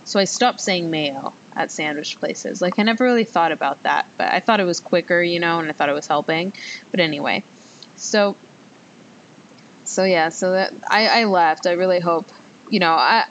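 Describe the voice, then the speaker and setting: A young female podcast host rambles through a casual story at a moderate pace, with a fairly bright tone, many fillers and self-deprecating asides. The recording carries faint background noise and a low rumble.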